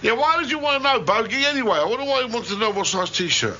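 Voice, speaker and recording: A man's voice: extremely high pitch, expressive, fast talker, sharp tone, a little hiss or hum. A man co-hosting a local radio show, bantering in a playful, indignant, jokey way in the studio. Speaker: radio co-host. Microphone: studio microphone. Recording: dull lo-fi radio studio recording.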